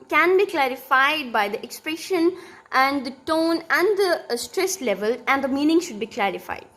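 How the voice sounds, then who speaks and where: A woman's voice: high voice, a bit bright. A young woman giving a recorded linguistics lesson, explaining step by step with many fillers and restarts. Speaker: teacher.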